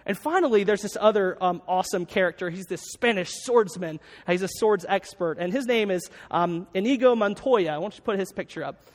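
A man's voice: high voice, fairly quick, hardly any pauses. A man preaching a sermon as a pastor to a church congregation, talking conversationally and repeating his key lines so listeners can note them down. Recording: long reverb of a large hall.

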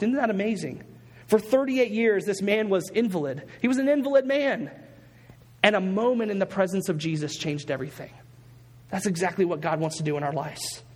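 A male pastor delivers an earnest sermon, repeating his key phrases for emphasis. His voice sits high for a man. The sound rings with the long reverb of a church sanctuary.

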